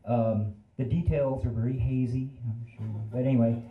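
A man's voice: mid-range voice, steady tone, moderate pace, echoey room, phone-quality sound. Rambling man in his fifties telling a story. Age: 50s. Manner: casual, rambling, self-deprecating. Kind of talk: live storytelling. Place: live venue stage.

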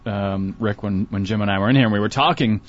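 A man, a professor and author, analysing politics on a radio talk show in a measured way with many fillers. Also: fairly low pitch. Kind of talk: casual political discussion. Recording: dull lo-fi radio broadcast.

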